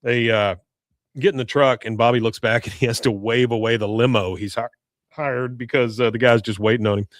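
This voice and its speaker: A man's voice: mid-range voice, a little fast, no room sound. Man recapping a sitcom episode, dry sound. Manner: animated retelling, acts out characters' lines. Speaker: podcast co-host.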